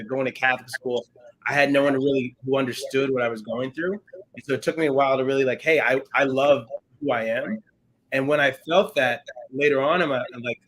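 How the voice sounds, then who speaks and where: A man in his thirties hosting a podcast, chatting casually about a film and acting out quotes with lively energy. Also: mid-range voice, low-quality recording. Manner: animated, storytelling, acts out quotes. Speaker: podcast host. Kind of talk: casual film review chat.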